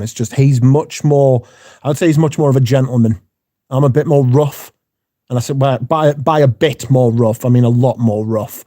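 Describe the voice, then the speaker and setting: A livestream host chats casually and reads out viewer comments, rambling in a plain-spoken way. His voice is medium-pitched with a warm tone.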